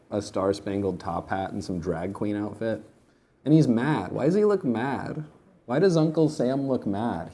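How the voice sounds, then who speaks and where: A man's voice: fairly low pitch, warm tone. A young man rambling and joking in a casual comedic monologue while feeding animals.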